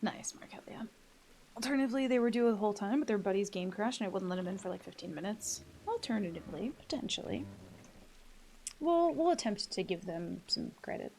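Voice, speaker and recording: A woman streaming a game live, talking casually to her chat as she plays. Her voice sits in an ordinary middle pitch, and she swears freely and laughs easily, with a faint hum of noise behind her. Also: animated, fast talker, creaky, hardly any pauses, warm tone.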